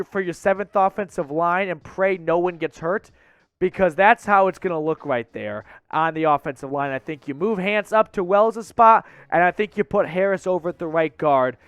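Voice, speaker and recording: A man hosting a sports news channel, talking fast and excitably, blunt and a bit out of breath. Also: high-pitched, smooth, no echo. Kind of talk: energetic sports news commentary.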